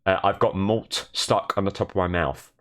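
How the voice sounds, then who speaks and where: A young man streaming from his bedroom in a shared flat, chatting casually and self-deprecatingly and thanking viewers. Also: low voice, normal speed. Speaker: Twitch streamer. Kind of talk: casual live stream chat.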